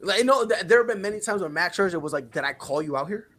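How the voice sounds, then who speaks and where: A man's voice: high-pitched, quick pace. A man hosting a casual sports talk show, telling stories and acting out what players said. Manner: animated storyteller, acts out players' quotes.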